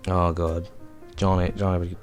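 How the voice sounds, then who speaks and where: A man's voice: low voice, level tone, moderate pace, over music. A young man hosting a podcast, telling a rambling, profane anecdote in a casual way. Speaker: podcast host. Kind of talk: casual storytelling.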